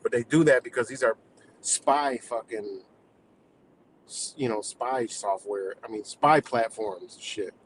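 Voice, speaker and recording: A man's voice: mid-range voice, unhurried, a little hiss or hum, low-quality recording. A man ranting on a live stream in a rambling, profane, heated way, talking to his chat viewers.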